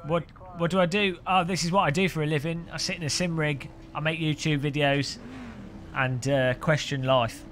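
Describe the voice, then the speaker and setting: A man's voice: fairly high pitch, steady tone, moderate pace, fairly bright tone, a little hiss or hum. A man streaming sim racing, chatting and joking with viewers and often laughing. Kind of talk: casual live-stream commentary while sim racing.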